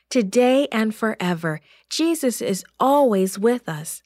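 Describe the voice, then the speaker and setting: A woman narrating a children's story in a gentle, expressive way, rising for dramatic moments. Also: fairly high pitch, measured pace, hardly any pauses, no room sound, studio quality.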